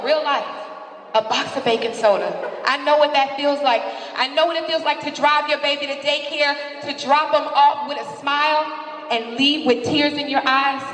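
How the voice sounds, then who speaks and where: A woman with a high voice delivers a passionate motivational talk, speaking openly as a guest speaker. She is picked up from far off in a big hall, and her words ring out with a long reverb. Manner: passionate, candid testimony. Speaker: guest speaker at a women's seminar. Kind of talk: motivational speech. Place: large hall, live audience.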